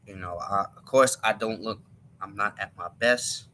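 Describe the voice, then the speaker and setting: A man's voice: on the low side, moderate pace, pushed and bright, a little hiss or hum. A man giving an emphatic opinion monologue on his live stream, often repeating and restarting his words.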